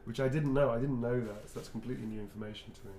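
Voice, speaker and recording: A middle-aged man chats in a loose, rambling way, laughing often as he signs. His voice sits at an ordinary pitch, and the room around him rings with a noticeable echo. A faint hum runs underneath. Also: fairly even intonation, very fast, warm tone. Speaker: actor guest signing autographs. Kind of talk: casual chat while signing.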